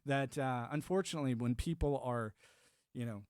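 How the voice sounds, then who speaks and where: A man's voice: mid-range voice, normal speed, a little mellow, clear, resonant tone, no room sound, studio quality. A man in his thirties hosting a livestream, chatting casually and rambling with restarts while answering chat. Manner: rambling, restarts, laughs to himself. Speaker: livestream host.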